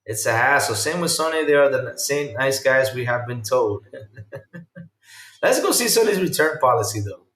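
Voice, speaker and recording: A man hosting a casual live-streamed podcast, reacting with loud exclamations and reading viewer chat aloud. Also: medium pitch, animated, moderate pace, roomy sound, recorded from a distance, a little hiss or hum.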